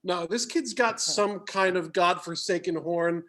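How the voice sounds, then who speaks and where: Halting high-pitched man in his fifties. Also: fairly bright tone. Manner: halting, with many fillers and dry asides. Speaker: comedian and high school teacher. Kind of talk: stand-up comedy set. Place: classroom.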